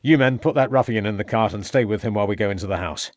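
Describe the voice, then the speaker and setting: A man voicing a calm, compassionate Victorian police inspector who speaks with measured courtesy. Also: fairly low pitch, dry recording, studio quality, lightly acted. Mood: kindly.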